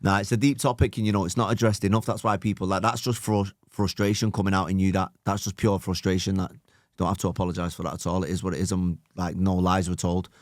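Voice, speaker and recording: A man's voice: low voice, flat delivery, quick pace, no echo, studio quality. A man hosting a podcast, talking in a reflective, encouraging way with lots of filler words. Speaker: podcast host, coach. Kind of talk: casual podcast chat.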